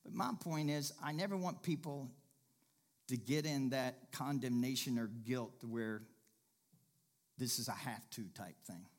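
A man preaching to his congregation in a mid-pitched voice. He talks in a folksy, easygoing way, repeats his key points and climbs into loud, emphatic bursts. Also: measured pace. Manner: folksy, jokes with the congregation and laughs. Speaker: pastor. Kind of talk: sermon.

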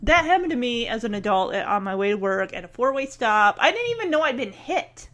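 A chatty woman recapping an episode in a casual, rambling way. Her voice sits high and swings a lot as she slips into the characters' lines. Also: a little fast. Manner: chatty, animated, acts out quotes. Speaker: show recapper. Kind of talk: casual chat.

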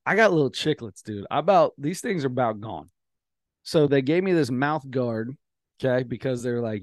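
A man's voice: mid-range voice, lively intonation, normal speed, dry recording, studio quality. A man co-hosting a podcast, telling rambling stories in casual chat and laughing as he goes. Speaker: podcast co-host.

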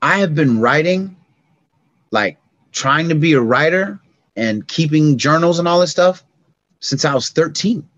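Animated middle-aged man telling stories. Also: on the high side, a little slow, pauses often, dry recording, dull audio. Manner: animated, acts out sounds and dialogue. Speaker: podcast guest. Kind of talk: casual storytelling conversation.

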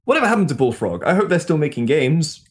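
A man co-hosting a podcast in casual chat, making quick jokes and reacting with laughs. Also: on the high side, very animated. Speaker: podcast co-host.

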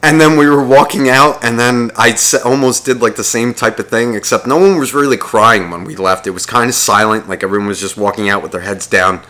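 A man's voice: a little fast, few pauses, sharp tone. A man on a podcast telling crude, rambling stories, swearing a lot and mimicking other people. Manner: profane, mimics others in high voices. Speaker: podcast co-host. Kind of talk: crude casual storytelling.

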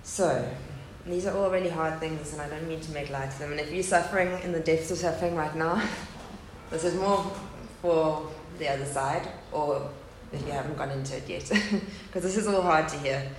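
In a hall with a live audience, a thirty-something woman talks openly and earnestly about loss as a personal testimony at a faith gathering. Her low voice keeps a fairly even intonation at normal speed with few pauses, and the room is echoey with a faint background hum.

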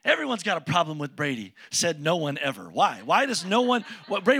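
Bright-voiced pastor preaching to his church. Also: fairly high pitch, big pitch swings, brisk, gravelly, hardly any pauses, husky. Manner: conversational preaching with jokes and questions to the congregation. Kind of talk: sermon. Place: church sanctuary with congregation.

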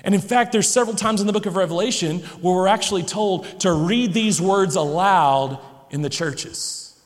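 A man in his thirties preaching a conversational sermon to a young crowd, animated and now and then shouting. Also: high voice, normal speed, long reverb tail. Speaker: pastor. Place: church hall.

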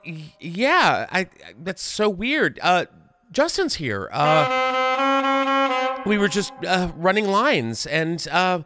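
A man's voice: high-pitched, sing-song, takes it slowly, sharp tone, faint music behind, pitched above the performer's own voice, full character voice. A man doing a flustered, stammering young woman. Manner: stammering, nervous excuses.

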